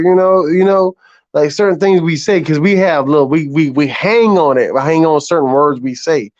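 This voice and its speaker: A man's voice: high voice, moderate pace, dry recording. A man in his thirties from South Carolina, with a Southern US accent, chatting casually on a stream, drawling and swearing freely. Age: 30s. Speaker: guest on a live stream panel. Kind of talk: casual chat. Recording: dull lo-fi call audio.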